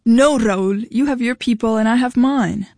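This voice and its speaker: A woman's voice: a little high, normal speed, mellow, no room sound, studio quality, close to an everyday voice. A woman reading a blunt defiant young woman. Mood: dismissive. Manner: cutting, dismissive.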